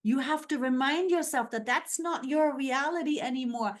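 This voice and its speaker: A woman hosting a spiritual guidance podcast, speaking in an unhurried, affirming way with repeated phrases and frequent "right?" check-ins. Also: high voice. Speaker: spiritual coach and podcast host.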